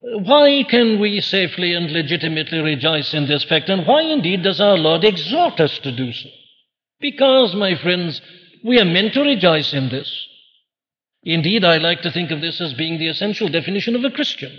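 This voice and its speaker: A man's voice: high-pitched, sing-song, moderate pace, long reverb tail, highs cut off. A man preaching a sermon earnestly, posing questions and answering them himself. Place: church.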